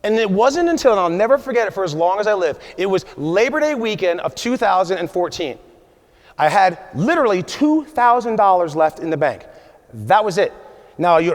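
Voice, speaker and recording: A man in his forties giving an emphatic motivational keynote at a conference, often checking in with the audience with "right?". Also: high voice. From USA. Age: 40s. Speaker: conference speaker. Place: large conference hall. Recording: long hall reverb.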